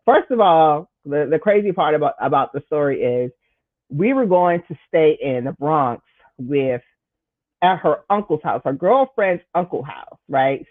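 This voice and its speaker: Casting note: chatty male host, higher voice, heavy on "like", dry and tinny phone-line sound. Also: unhurried, no echo. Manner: animated storyteller, leaps into high exaggerated voices when quoting himself; lots of "like" and "you know", frequent restarts. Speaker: show host. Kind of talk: casual storytelling monologue.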